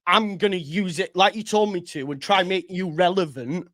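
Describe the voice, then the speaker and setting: A man's voice: high voice, normal speed, a bit bright. A man on a football panel podcast, firing back with short, repeated sarcastic retorts. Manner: retorts with repeated curt comebacks. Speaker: panel pundit, Leeds fan. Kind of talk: football banter.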